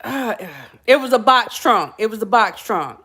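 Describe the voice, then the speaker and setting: A middle-aged podcast host tells casual stories to her viewers, chatting, laughing often and calling them y'all. Her fairly high voice is expressive, bright and forceful, slightly rough, and unhurried.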